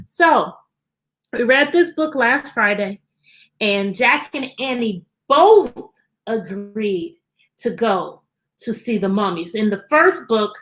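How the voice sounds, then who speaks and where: Woman teacher doing a kids storytime on a stream from her computer, upbeat, kinda high voice. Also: lively intonation, slow pace, a bit bright. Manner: cheerful, repeats greetings, greets children by name. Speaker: teacher reading to children. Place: at home at the computer.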